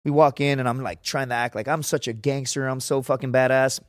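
A young man from Laredo, Texas, guests on a podcast and tells a rambling story full of swearing, peppered with "right?" and "dude." His mid-range voice is brisk with little pitch movement, recorded in studio quality with no room sound.

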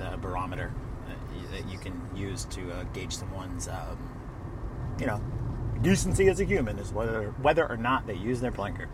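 A man hosting a podcast in a relaxed, rambling way, full of fillers. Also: mid-range voice, background noise. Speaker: podcast host. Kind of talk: casual podcast chat. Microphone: video call microphone.

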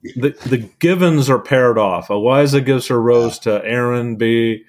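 A man co-hosting a podcast who recaps events in a relaxed, easygoing way with plenty of fillers. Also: mid-range voice, measured pace. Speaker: podcast co-host. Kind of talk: casual chat.

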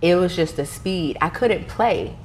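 A woman in her thirties, a podcast guest, telling stories in an animated way, with frequent restarts and laughter. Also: on the low side, unhurried, a little hiss or hum. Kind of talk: casual interview conversation.

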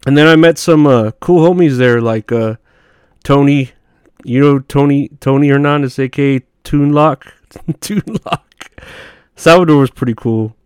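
A man spins loose, profanity-laced stories in an offhand monologue, laughing at his own punchlines. His voice comes across smooth and clean, with a dry, close sound and no room around it. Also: medium pitch, moderate pace, dry recording. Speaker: podcast host. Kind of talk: casual storytelling monologue.

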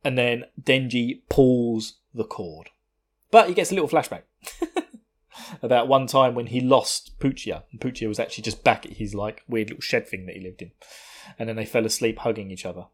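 Man, podcast co-host, casual anime recap, laughs often, swears, mid-pitched voice. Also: normal speed, slightly rough. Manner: laughing, profane, animated retelling.

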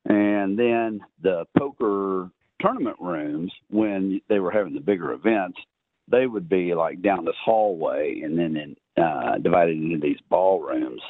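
A man's voice: low voice, no room sound. A man with a Texan accent telling a long poker story as a podcast guest, rambling with many uhs and ums. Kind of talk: casual storytelling. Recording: dry, tinny phone-line sound.

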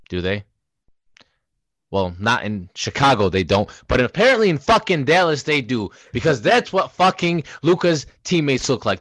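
Profane, animated man ranting about sports. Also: medium pitch, no echo. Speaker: podcast co-host. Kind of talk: heated sports debate.

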